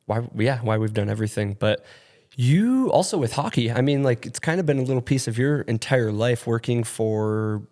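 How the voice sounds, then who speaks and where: A young man from upstate New York co-hosts a podcast in a rented studio, his medium-pitched, darkish voice stuffy and nasal from allergies. Speaking animatedly at normal speed, he chats casually, drifting between topics, leaning on fillers, and laughing often.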